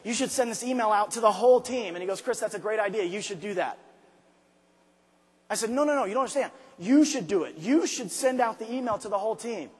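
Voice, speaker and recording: Long hall reverb surrounds this live motivational speech to a packed arena, where a man alternates between soft, intimate asides and slow, forceful, shouted emphasis. His voice is high-pitched with lively intonation and a breathy edge.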